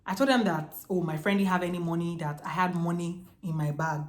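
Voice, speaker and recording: A Nigerian woman in her twenties telling a storytime vlog in a lively, chatty way, full of slang. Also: fairly low pitch, brisk. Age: 20s. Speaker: vlogger. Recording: echoey room.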